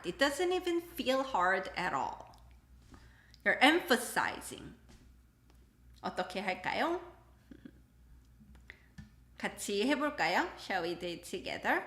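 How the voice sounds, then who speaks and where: A woman teaching a live-streamed language lesson, slow when explaining and quick with her examples, laughing often. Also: medium pitch, very animated, fairly bright tone, echoey room. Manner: switches between slow English explanations and quick Korean examples. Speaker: Korean teacher.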